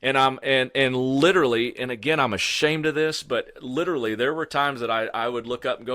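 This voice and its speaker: A middle-aged man, a podcast guest telling his story in a casual, animated way, full of "you know" and "man". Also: mid-range voice, brisk, few pauses, dry recording.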